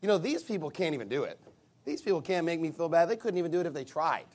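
A male pastor preaching a sermon in an animated, emphatic way, with sarcastic asides. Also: a little high, fast.

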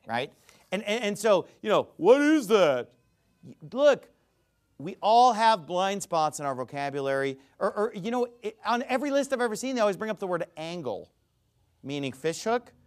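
A man giving a ranting commentary, emphatic and sarcastic, who often stammers and restarts his sentences. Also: high voice. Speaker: religious commentator.

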